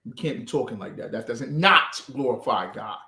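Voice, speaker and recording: Male scripture teacher preaching to a class, forceful and repetitive, animated pitch, echoey room. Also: moderate pace. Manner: forceful, repeats phrases for emphasis.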